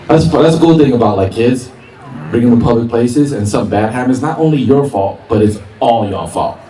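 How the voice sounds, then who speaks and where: Guy doing stand-up outside in a park, lively up-and-down voice, kinda far off the mic, roomy with noise behind. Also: medium pitch, moderate pace, some chatter behind. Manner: animated, laughs through punchlines. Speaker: stand-up comedian. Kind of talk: outdoor stand-up set. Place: outdoor park stage.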